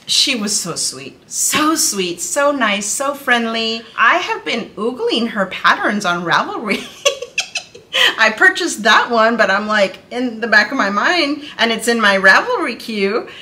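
A woman's voice: a little high, very animated, slow pace, sharp tone. A woman in her thirties chatting casually to her viewers as a knitting vlogger, gushing and bubbly, calling them "you guys".

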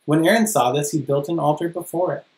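A pastor reads scripture aloud and preaches with dramatic emphasis, slowing down to stress key phrases. The voice sits at a middle pitch. The recording carries the roomy echo of a church. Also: a little mellow. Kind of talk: sermon.

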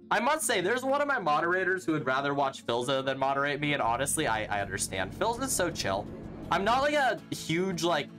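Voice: mid-range voice, fairly bright tone. A streamer giving live gameplay commentary, reading chat aloud and answering it in a playful, teasing, sarcastic way.

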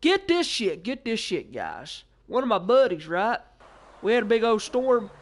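Young male streamer, high-pitched, loose excitable storyteller, heavy swearing. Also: a little slow, faint music behind. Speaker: gaming streamer. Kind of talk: casual rambling gameplay chat.

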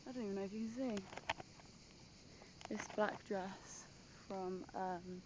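A young woman gushes to her phone camera in a casual holiday vlog, talking at an everyday pitch. The sound is dull and lo-fi, with a faint hiss of noise underneath. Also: measured pace. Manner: gushing, chatty, lots of "like". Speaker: vlogger. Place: outdoors at a villa.

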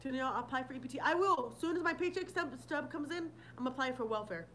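A woman's voice: high voice, animated, fast talker, fairly bright tone, slight background noise, rough recording. A woman hosting a casual livestream, talking bluntly with lots of swearing and laughter while answering viewer comments. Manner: blunt, profane, laughing often. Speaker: livestream host.

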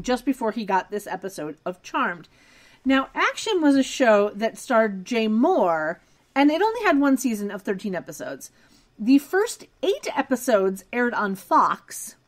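A woman co-hosting a podcast, recapping a TV episode in casual chat with wry asides. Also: on the high side. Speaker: podcast co-host.

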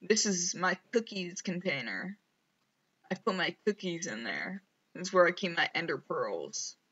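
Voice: mid-range voice, very animated, a little slow, sharp tone, slightly rough, lo-fi sound. A streamer rambling casually over gameplay, mumbling to themself and poking fun at themself, on a headset mic. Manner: self-mocking.

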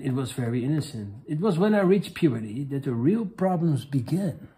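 Man, Dutch accent, comedy vlog host, warm mellow voice, crude, rambling, halting. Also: medium pitch, lively intonation. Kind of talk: comedic vlog, reading viewer questions.

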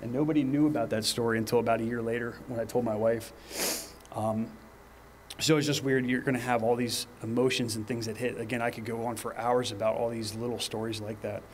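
Man in his 30s, training presenter; earnest, measured, flat-toned delivery over faint background hiss. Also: medium pitch. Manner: earnest, personal storytelling with pauses and restarts. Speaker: fire department lieutenant presenter.

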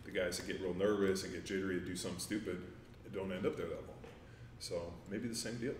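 Very deep and steady, this former NFL offensive lineman's voice rolls out quickly as he chats casually as an interview guest. His talk is relaxed and meandering, heavy on fillers and swearing, and he's a bit far from the microphone in a roomy space with faint background noise.

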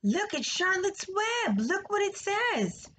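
A woman reading as an eager young storybook girl with a high, bright voice. She calls out and begs with childish urgency. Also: big pitch swings, brisk. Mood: excited. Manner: eager, pleading. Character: excited young farm girl.

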